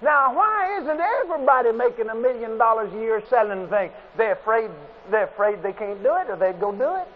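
Folksy preacher, high voice. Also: male voice, lively intonation, a little fast, few pauses. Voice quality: folksy, plain-spoken storyteller who acts out quotes. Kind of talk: sermon. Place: convention hall. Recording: tinny lo-fi tape with faint hiss.

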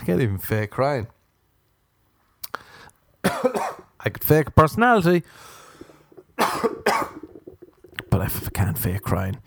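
A man hosts a comedic podcast monologue, rambling through self-mocking stories about himself and laughing often. His medium-pitched voice has big pitch swings and is a little slow, with frequent pauses and no echo.

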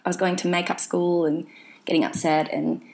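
A woman's voice: lowish voice, level tone, moderate pace, darkish tone. A young woman telling a personal story casually, rambling with lots of fillers and restarts. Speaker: vlogger sharing her mental health story.

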